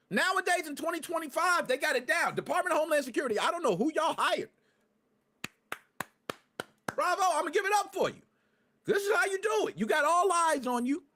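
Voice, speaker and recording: A young man hosting a podcast, ranting to his live chat in profane street slang and swinging between loud outbursts and low muttered asides. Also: a little hiss or hum. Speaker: podcast host.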